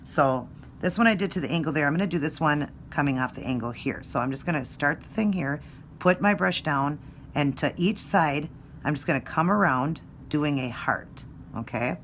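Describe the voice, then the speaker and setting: A woman's voice: deep voice, expressive, normal speed, slight background noise. A woman talking casually through a nail art tutorial, friendly and explaining each step.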